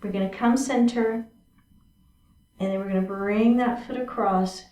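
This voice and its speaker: A woman's voice: mid-range voice, steady tone, unhurried, warm tone, a little hiss or hum. A woman teaching a chair yoga class, cueing each move step by step and checking in often with her students. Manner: encouraging, cueing moves step by step with frequent check-ins. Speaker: yoga instructor. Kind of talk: guided exercise class instruction. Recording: roomy sound from a distant mic.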